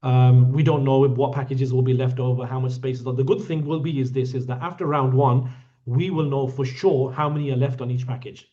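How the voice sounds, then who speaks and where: A man's voice: medium pitch, steady tone, a little fast, dark tone. A man guiding a hajj group in an online Q&A session, talking bluntly with teasing jokes. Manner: blunt, joking, scolding. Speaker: hajj tour guide. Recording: dull lo-fi audio.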